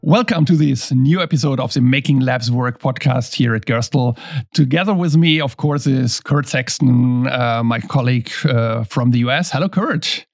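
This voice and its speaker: A man with a German accent hosting a podcast, speaking English as a second language in a friendly, halting way with many fillers and restarts. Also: medium pitch, creaky, dry recording, studio quality, faint music behind. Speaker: podcast host. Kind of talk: casual interview chat.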